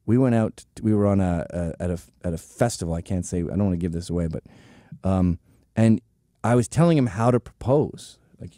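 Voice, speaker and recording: Man, forties, show host, very mellow dark tone, dry close sound, profane sarcastic rant. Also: on the low side, dry recording. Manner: profane, sarcastic, acts out quoted voices. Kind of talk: comedic monologue rant.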